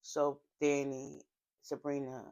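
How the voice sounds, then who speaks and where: A woman's voice: very deep voice, completely flat delivery, takes it slowly, warm tone, clean tone. A woman casually recapping a TV drama episode in a chatty, heartfelt storytelling way, with frequent fillers and asides. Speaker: TV show recapper.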